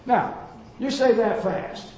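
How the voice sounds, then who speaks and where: An earnest man preaches a Bible-teaching sermon, pressing his points and sometimes stumbling into restarts. His voice sits a touch high but mellow. The sound is boomy and echoing, with a dull lo-fi edge. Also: takes it slowly. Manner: earnest, emphatic, occasional stammered restarts.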